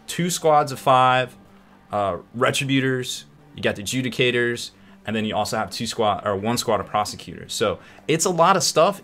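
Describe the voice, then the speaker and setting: A man's voice: medium pitch, fairly bright tone. A man hosting a hobby painting show in casual live-stream chat, upbeat and rambling, laughing often.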